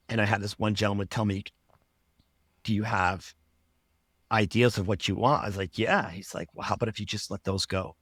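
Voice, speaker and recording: A man's voice: fairly low pitch, a bit bright, dry recording. A man who works as a life coach, telling a personal story as a podcast guest, earnest and rambling, acting out his past thoughts in quotes.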